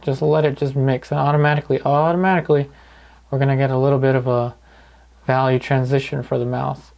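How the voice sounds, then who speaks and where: A man calmly talking through each step of a painting lesson in an easygoing way. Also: medium pitch, a little fast, gravelly, lo-fi sound. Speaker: painting instructor. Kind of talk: paint-along tutorial narration.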